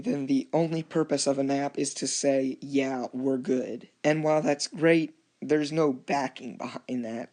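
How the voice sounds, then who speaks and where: Gravelly man recapping a strategy game. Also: fairly high pitch, a little mellow. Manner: rambling, restarts often, acts out quoted chats. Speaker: gameplay commentator. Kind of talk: casual game commentary.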